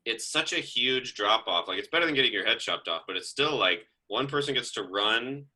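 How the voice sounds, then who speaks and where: A man's voice: mid-range voice, a little fast, low-quality recording. A man co-hosting a casual comedy podcast, riffing wryly in long storytelling runs. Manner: wry storytelling riffs with lively asides. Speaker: podcast co-host.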